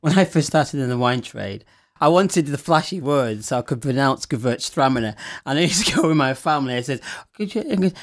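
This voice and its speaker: A middle-aged man talks about his wine business in a lively, story-telling way, breaking into laughter often. His voice sits in a middle pitch and is recorded dry and close. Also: fairly quick, dry recording. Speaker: wine shop owner. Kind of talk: casual chat.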